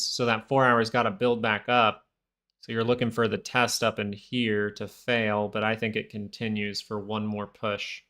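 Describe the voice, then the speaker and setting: A man talks through charts on a live market stream in a loose, rambling way, often restarting his sentences. His pitch sits at an ordinary middle level for a man. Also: a bit bright. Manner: casual, rambling, many restarts. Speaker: stock market livestream host.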